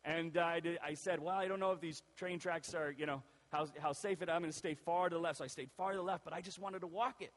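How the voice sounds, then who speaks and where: A male pastor telling a personal story in a sermon, lively and acting out the voices of the people in it. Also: a little high, fast talker, few pauses. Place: church. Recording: long reverb of a church hall.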